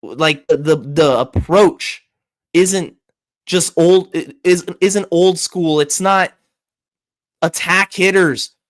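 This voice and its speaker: A man with a high-pitched voice hosts a sports podcast, ranting about his team's decisions. He talks fast and heated, tripping over his words and restarting sentences as his frustration builds. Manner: heated, rapid, frequent restarts. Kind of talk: opinionated sports commentary.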